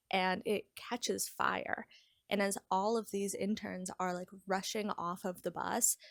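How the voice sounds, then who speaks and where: Lively and chatty, a young book vlogger retells scenes from a novel in a casual recap, saying "like" over and over. Her mid-range voice has vocal fry and is recorded in studio quality with no room sound.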